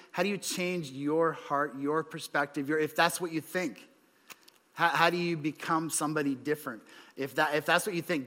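A man's voice: on the high side, pushed and bright. A man preaching an evening sermon in a church hall, talking in a casual, conversational way with frequent restarts and "right?" asides. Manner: conversational, with repeated restarts and tag questions. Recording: long hall reverb.

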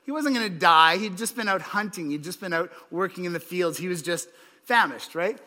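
This man's voice is high, brisk and sharp as he preaches an evening sermon in a church hall. His style is loose and conversational, with repeated restarts and tag questions like "right?", all carried on a long hall reverb.

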